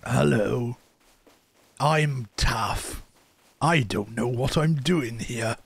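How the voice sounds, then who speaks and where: A man putting on the voice of a slow, muddled old man while streaming a game. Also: medium pitch, creaky, husky, no echo, full character voice. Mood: bewildered. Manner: slow and bewildered.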